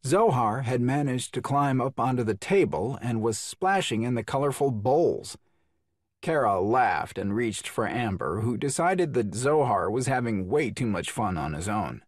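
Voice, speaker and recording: A man narrating a children's storybook audiobook in an expressive way, with a husky voice. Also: mid-range voice, unhurried, no echo, clean studio sound. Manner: expressive, voices each character.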